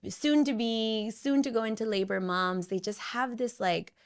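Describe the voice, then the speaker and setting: Gravelly voiced mom in her 30s, podcast cohost, animated storyteller, lots of quick asides. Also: a little high. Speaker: podcast co-host. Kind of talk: casual chat.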